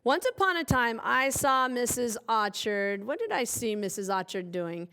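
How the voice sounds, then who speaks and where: A woman's voice: fairly high pitch, big pitch swings, normal speed, pushed and bright, clear, resonant tone. A woman teaching young children a phonics lesson, cheerfully spelling out letters one by one. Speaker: kindergarten teacher.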